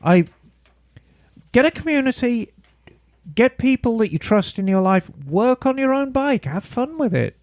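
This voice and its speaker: A man co-hosts a casual podcast and reads a listener's letter aloud, throwing in playful joking asides. His voice sits high and swoops around with lively pitch. The sound is dry and close. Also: unhurried, long pauses, no room sound. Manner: playful, breaks into mock British asides while reading. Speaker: podcast co-host. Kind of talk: casual chat, reading listener email aloud.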